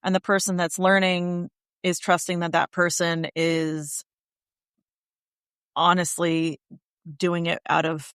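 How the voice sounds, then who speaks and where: A woman's voice: lowish voice, flat delivery, slow, long pauses, a bit bright, clean tone, no echo, studio quality. A woman guest on a podcast, talking candidly and animatedly in casual conversation and swearing freely.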